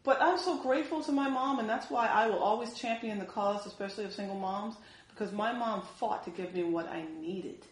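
Animated woman preacher in an echoey room. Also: mid-range voice. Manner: animated, acts out quoted voices. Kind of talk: sermon.

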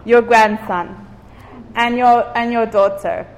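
Woman from Cyprus, informal devotional talk, unhurried, a touch high, roomy hall reverb. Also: steady tone. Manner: engaging, asks the listeners questions, repeats words for emphasis. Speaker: group leader giving a devotional talk.

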